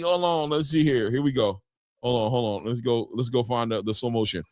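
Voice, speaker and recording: A man hosting a boxing chat show, talking casually and excitably while replaying fight clips and hollering reactions. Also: mid-range voice, brisk, dry recording, studio quality.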